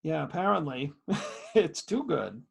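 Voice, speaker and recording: A man's voice: on the high side, very animated, a little slow, creaky, slightly rough. A man co-hosting a podcast in casual chat, rambling with lots of fillers on a home studio mic. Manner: rambling, many fillers and laughs. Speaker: podcast co-host. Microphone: home studio condenser mic.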